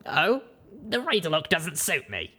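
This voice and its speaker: Man voicing a gruff, worn-out pony mare. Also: a little high, wildly swooping pitch, unhurried, bright, forceful tone, pitched above the performer's own voice, exaggerated voice. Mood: wry comfort. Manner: blunt, profane, wry. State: exhausted and breathless. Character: tough battered young female pony mare. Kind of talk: audiobook reading.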